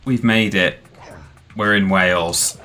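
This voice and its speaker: A man hosting a live game stream, rambling happily through his gameplay commentary. His voice sits very low but sounds bright and forceful. Faint game music plays underneath. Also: fairly even intonation, slow. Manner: chatty, rambling, enthusiastic. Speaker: streamer host.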